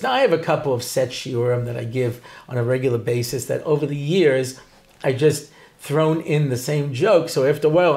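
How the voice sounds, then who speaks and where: Creaky and on the high side, this man's voice belongs to a rabbi and Torah teacher spinning stories during a joke-filled, laughter-heavy interview. His manner is animated and playful, with frequent laughs, in a humorous interview setting.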